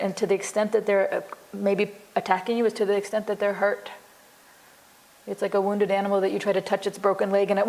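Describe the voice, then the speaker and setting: Woman psychologist, conversational class lecturer, earnest, even middle pitch. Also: vocal fry, poor audio. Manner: earnest, explains with acted example dialogues; frequent "you know" and restarts.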